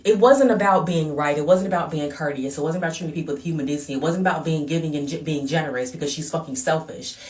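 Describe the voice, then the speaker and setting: A woman with a low, deep-set voice tells a storytime rant, blunt and full of swearing. She sits somewhat back from the microphone, so her voice carries a little distance. Her delivery stays heated and emphatic. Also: fast talker, hardly any pauses, a little mellow. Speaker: vlogger. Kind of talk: ranting storytime.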